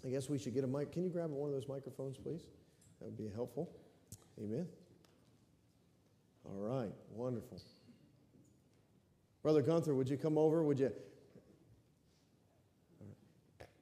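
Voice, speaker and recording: Man, pastor, easygoing and affirming, mellow voice, roomy church hall reverb. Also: mid-range voice, moderate pace, pauses often. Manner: easygoing, affirming, repeats "amen". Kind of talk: leading a church service. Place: church sanctuary.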